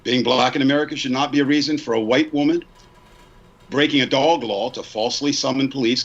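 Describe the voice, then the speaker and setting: A man's voice: medium pitch, a bit bright, dull audio. A man in his sixties, a podcast co-host, earnestly reading a prepared statement and repeating lines for emphasis. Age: 60s.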